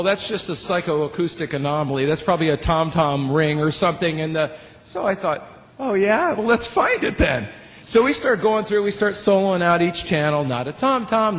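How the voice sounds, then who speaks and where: A man, a music producer, telling an animated testimony story, laughing and acting out the voices of others. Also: high voice, long reverb tail, a little hiss or hum.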